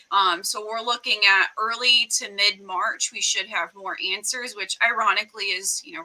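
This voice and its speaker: Bright-voiced woman guest, earnest. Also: mid-range voice, poor audio. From Rhode Island. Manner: earnest and detailed, steady explaining. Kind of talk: podcast interview answers.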